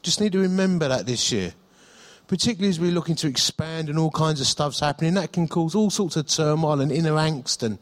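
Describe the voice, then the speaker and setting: A man's voice: a little high, a little fast. A middle-aged male pastor, preaching in a chatty storytelling way, with self-deprecating humour and frequent restarts. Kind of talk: sermon.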